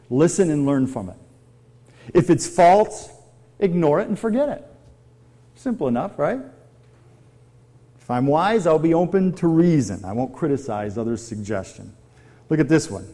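A man's voice: on the high side, mellow. A middle-aged man preaching a sermon, conversational and full of questions to his audience. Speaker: pastor.

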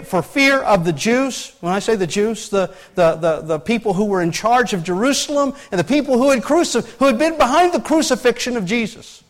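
A male pastor preaching a conversational sermon in a folksy way, often asking the congregation rhetorical questions. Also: extremely high pitch.

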